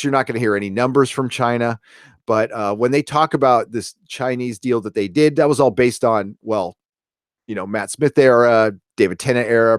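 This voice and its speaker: A man's voice: mid-range voice, no room sound, studio quality. A middle-aged American man hosting a livestream, ranting casually with profanity and lots of fillers, then reading out viewer chat. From United States. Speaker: livestream host.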